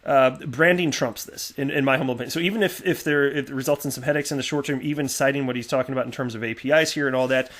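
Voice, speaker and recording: A man's voice: medium pitch, very fast, hardly any pauses. Chatty man riffing on crypto news. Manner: chatty, animated, many fillers and restarts. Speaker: crypto video host. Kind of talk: casual commentary reading tweets.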